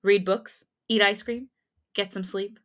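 A woman's voice: mid-range voice, steady tone, unhurried, a bit bright, close to an everyday voice. Woman reading as a teasing college jock. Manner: teasing, playful.

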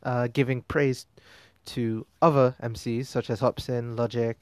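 A man's voice: mid-range voice, level tone, a little slow, a little mellow, clean tone, dry recording. A man hosting a music commentary show, talking casually and rambling with fillers and restarts. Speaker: podcast host.

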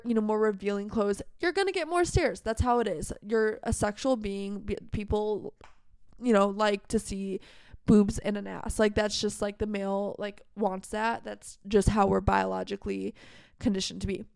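Medium in pitch with vocal fry and a slightly mellow quality, a young woman hosts a podcast. She talks heatedly and candidly in a casual monologue, fast and emphatic, packed with "like." The clean studio sound carries no echo.

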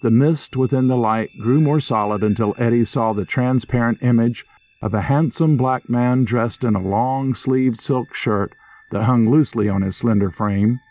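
A man narrating a scripted ghost story in a steady storytelling manner. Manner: steady storyteller, voices characters with lifted pitch. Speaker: narrator and host.

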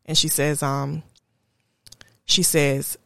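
Slow, low-voiced woman. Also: flat delivery, vocal fry, a bit bright, dry recording, clean studio sound. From Houston, Texas area. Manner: slow, reflective, candid storytelling. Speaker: podcast host. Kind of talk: personal monologue.

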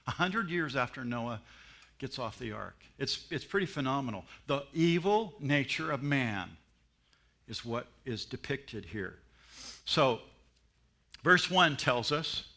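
A man preaching a sermon as pastor, telling stories and mimicking voices along the way. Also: medium pitch. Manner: animated storytelling with mimicry and laughs.

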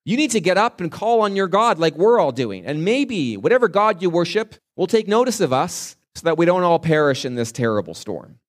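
Man doing a frantic captain, higher and pressing. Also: sing-song, fairly quick, hardly any pauses. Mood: urgent. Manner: urgent, pleading. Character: anxious ship captain, man, urgent.

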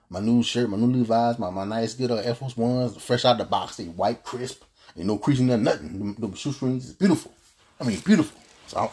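A man's voice: lowish voice, darkish tone, husky. A young man hosting a podcast, telling a personal story emphatically and often repeating and restarting his words. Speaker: podcast host.

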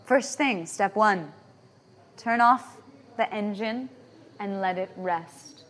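A woman giving a lecture as a natural hygienist, often checking in with her audience through quick tag questions. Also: medium pitch, fairly bright tone. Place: lecture venue in Bali.

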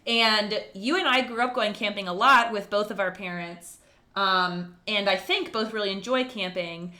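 A young adult woman with a bright, forward voice hosts a podcast with her sister. She talks in a relaxed, rambling way, telling stories with plenty of laughter and quick asides. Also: mid-range voice. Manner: animated, laughs often, rambling storytelling. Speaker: podcast co-host. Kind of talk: casual chat between sisters.

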